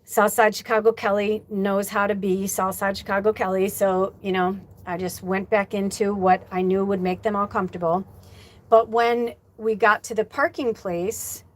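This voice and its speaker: A woman's voice: mid-range voice, little pitch movement, normal speed, no room sound. A woman hosting a livestream as a spiritual medium, talking casually, rambling loosely and reading out viewer comments. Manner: chatty storyteller, acts out quoted dialogue.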